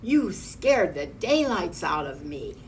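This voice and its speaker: A tiny old mother from a children's book, shrill and stern, quick to scold her giant son, as a woman puts her on. She speaks slowly, a bit far from the mic with faint hum behind. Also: very animated, exaggerated voice. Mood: startled.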